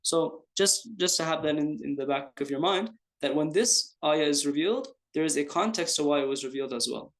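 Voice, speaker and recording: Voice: medium pitch, fairly quick, few pauses. A teacher lecturing in a class, explaining verses with Arabic religious terms and rhetorical questions. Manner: rhetorical questions, repeats points for emphasis; frequent restarts and fillers.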